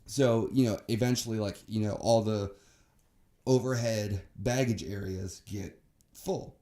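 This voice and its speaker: A man's voice: fairly low pitch, steady tone, unhurried, dark tone. Ranting, foul-mouthed young man. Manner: profane, ranting, heated. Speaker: podcast co-host. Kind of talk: casual podcast chat.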